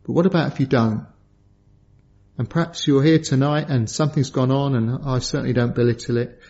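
A middle-aged man preaching a sermon, telling a personal story in earnest and lifting his voice high when he acts out quotes. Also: steady tone, a little fast, warm tone, dull audio.

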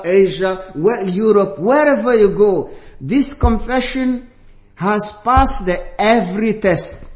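Man, preacher, sermon, emphatic, unhurried delivery, roomy echo. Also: high-pitched. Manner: emphatic, slow and deliberate, rising on key words. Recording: echoey room.

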